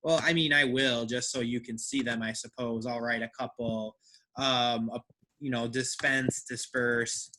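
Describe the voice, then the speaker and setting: Slow, bright-voiced male English teacher. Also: mid-range voice, steady tone. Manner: checks understanding with frequent "right?"; drills word stress by repeating words. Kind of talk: live class teaching.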